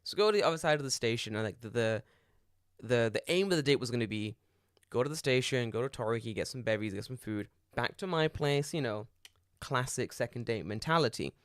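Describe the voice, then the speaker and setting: Fast-talking man telling a story. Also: mid-range voice, clean tone, dry recording, studio quality. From Britain. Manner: animated storyteller, swears freely, acts out voices. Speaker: podcast co-host. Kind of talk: casual chat.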